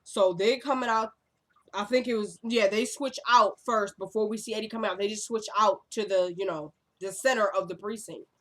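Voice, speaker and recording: Woman, TV recap vlogger, mid-pitched, chatty and sassy, rambling delivery. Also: steady tone, normal speed. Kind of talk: casual episode recap.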